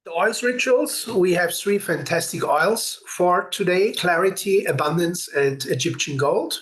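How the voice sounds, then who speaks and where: Male host, pitched a touch high, earnest explainer leading a ritual session for viewers. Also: a little slow, a bit bright. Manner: earnest and explanatory, with brief laughs; greets viewers by name. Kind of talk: spiritual teaching talk.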